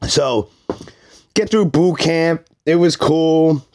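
A man's voice: on the high side, slow, darkish tone. A man, telling his life story in blunt, profane, rambling casual talk. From Brooklyn, New York.

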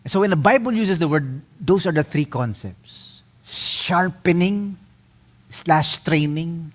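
A middle-aged Filipino-accented man preaching with a fairly high, lively voice. He moves between Tagalog and English as he talks and plays out little scenes with sound effects and voices. He delivers it all in an energetic sermon style. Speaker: pastor.

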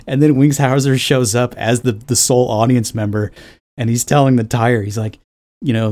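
A man's voice: medium pitch, steady tone, normal speed, a little mellow. A man co-hosting a podcast in casual chat, talking in a rambling, wry way and swearing freely. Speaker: podcast co-host.

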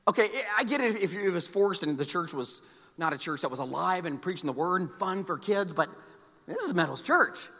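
A man preaching a sermon as pastor, emphatic and animated, with joking asides. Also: high voice, brisk. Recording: long church hall reverb.

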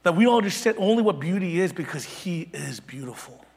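A pastor in his thirties preaching a sermon with passion, moving from loud emphatic peaks down to hushed, near-whispered lines. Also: sits high, lively intonation, brisk, gravelly, breathy edge. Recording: long hall reverb.

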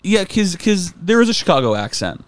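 A man's voice: high-pitched, big pitch swings, brisk, no echo. Joking man in casual podcast chat. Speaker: podcast co-host.

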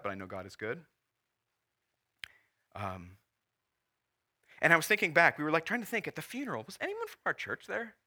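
A pastor in his forties preaches in church with a bright, forceful voice. He talks earnestly and with feeling, holding back tears at times. His pitch sits in the middle for a man. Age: 40s. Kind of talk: sermon.

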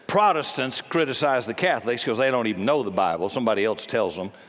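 Forceful preacher in a reverberant hall. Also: male voice, medium pitch, quick pace. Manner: forceful, blunt preaching with jokes and sudden commands. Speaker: pastor. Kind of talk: sermon.

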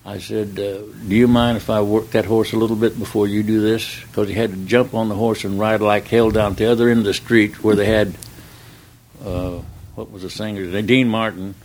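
In a casual interview, an older man who works as a stuntman spins folksy, wandering anecdotes, acting out the dialogue and dropping "uh" again and again. His voice leans low, and the poor recording carries a little hiss or hum.

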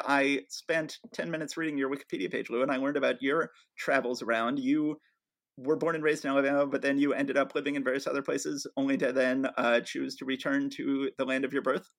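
A man's voice: mid-range voice, steady tone, fairly quick, vocal fry, a bit bright. A man from Atlanta hosting a podcast, talking in a casual, upbeat and welcoming way. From Atlanta, Georgia. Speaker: podcast host.

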